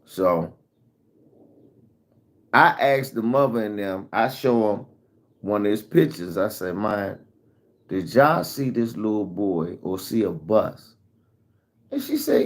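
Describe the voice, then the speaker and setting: Low-voiced man telling a frantic story. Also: slow, long pauses. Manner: animated storytelling with heavy profanity. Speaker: vlogger. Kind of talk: casual storytime.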